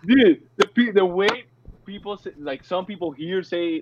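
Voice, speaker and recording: Young co-host, slightly higher voice, rambling, muffled lo-fi mic with faint hiss. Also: male voice, a little slow. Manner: rambling, lots of "like", excitable. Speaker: podcast co-host. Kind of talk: casual podcast chat. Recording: dull lo-fi mic with faint noise.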